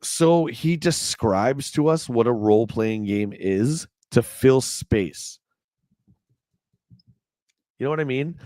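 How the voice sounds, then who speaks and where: Slow and pausing often, a slightly mellow man with a medium-pitched voice reads old magazine reviews on a casual livestream. He throws in wry, joking asides and responds to viewers in the live chat. The audio is studio quality with no echo.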